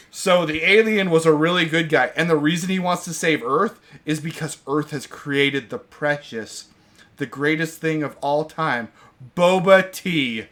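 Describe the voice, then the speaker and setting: Bright-voiced man ranting about a movie. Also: a little high, normal speed. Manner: ranting, exasperated and sarcastic. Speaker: podcast host reviewing movies. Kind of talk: casual chat.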